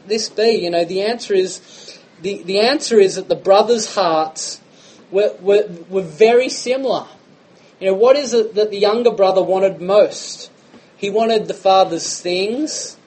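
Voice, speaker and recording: Preacher, chatty sermon, keeps asking the crowd questions, mid pitch. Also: a little mellow, poor audio. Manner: conversational preaching, frequent rhetorical questions.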